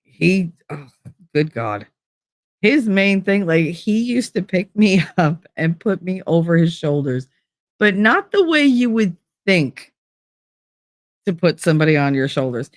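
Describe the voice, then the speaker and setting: A woman's voice: lowish voice, sing-song, a little slow, no room sound. Woman, stream host, casual storytelling, candid, swears a lot, laughs mid-sentence, dry close sound.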